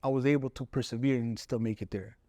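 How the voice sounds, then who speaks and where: Man, poet guest, mid pitch, earnest reflective storytelling, dry close sound. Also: fast, dry recording. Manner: relaxed and earnest, recounts events by voicing others' words.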